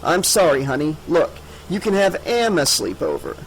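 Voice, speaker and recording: A man's voice: on the high side, lively intonation, normal speed, slight background noise, low-quality recording. A man voicing a protective middle-aged father with a stiff, polite manner, in an audiobook. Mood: firm.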